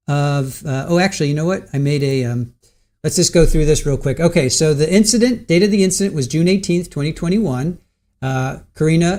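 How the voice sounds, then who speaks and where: A man's voice: on the high side, a little mellow. A man hosting a casual livestream about a court trial, greeting chat viewers by name and recapping the case with many ums and restarts. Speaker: livestream host covering a trial.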